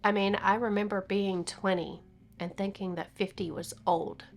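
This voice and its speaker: A woman's voice: mid-range voice, steady tone, moderate pace, faint music behind. A woman in her fifties talking in a personal vlog, teary and sniffling, laughing and crying at once and dropping into whispers. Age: 50s. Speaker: vlogger.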